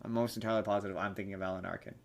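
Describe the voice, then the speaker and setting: A man's voice: on the low side, level tone, very fast, creaky. Chatty, teasing podcast host, a man. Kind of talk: casual chat.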